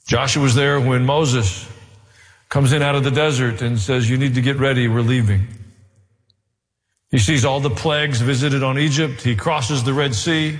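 A man preaching a sermon, earnest with dry asides. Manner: earnest preaching with dry asides, rising in pitch as he presses the point. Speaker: pastor. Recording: long hall reverb.

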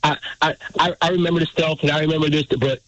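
A man's voice: a little high, steady tone, fast talker, fairly bright tone, no echo. A man in his fifties calling in to a radio show, telling an earnest, emotional story. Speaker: caller. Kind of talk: call-in story. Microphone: phone line. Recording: muffled phone-in line.

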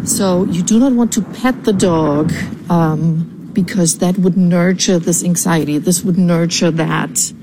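A woman from California leaving a measured, deliberate voicemail for a podcast, with many pauses and ums. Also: lowish voice, noisy background. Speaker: caller.

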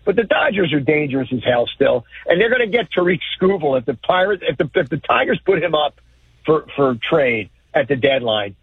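A man giving blunt, animated opinions in a sports talk conversation. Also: a little high, brisk, husky, no room sound. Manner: blunt, animated, mocking impressions. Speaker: guest commentator. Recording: tinny phone line.

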